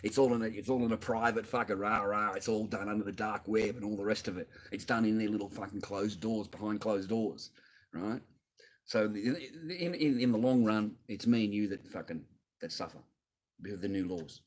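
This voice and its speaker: A low, husky-voiced man in his fifties hosts a livestream. He rants bluntly and profanely, and the heat in his voice never quite drops. His voice comes through a computer mic. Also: normal speed. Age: 50s. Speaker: livestream host answering donations. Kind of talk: rambling livestream rant.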